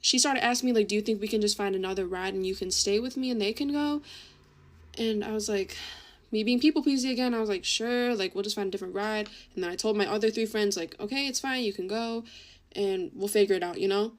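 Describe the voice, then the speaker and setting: A woman's voice: mid-range voice, fast. A young woman casually telling a story, chatty and full of swearing and "like". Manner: chatty, swears a lot, says "like" constantly.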